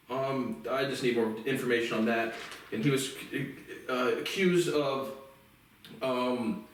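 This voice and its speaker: A man in a bitter, profane monologue rant, repeating himself as he goes. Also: a little high. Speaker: vlogger. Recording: very echoey room, distant mic.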